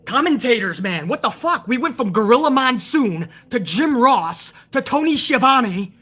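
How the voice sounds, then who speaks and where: Brief: profane, incredulous female host woman ranting at a live chat, husky and fairly high. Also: lively intonation, moderate pace, a bit bright. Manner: reads out and answers chat viewers. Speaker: show host. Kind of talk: heated wrestling show rant to a live chat.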